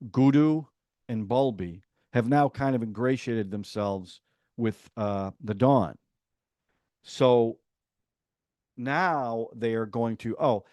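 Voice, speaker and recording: A man hosting a podcast, casually reviewing a TV series and retelling scenes in a chatty, animated way with quick asides. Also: medium pitch, dry recording, clean studio sound.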